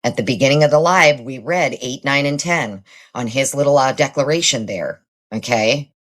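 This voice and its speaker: Woman host, very deep voice, casual live-stream commentary, blunt and salty, lots of "um" and "like.". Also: normal speed. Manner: blunt, casual swearing, frequent fillers.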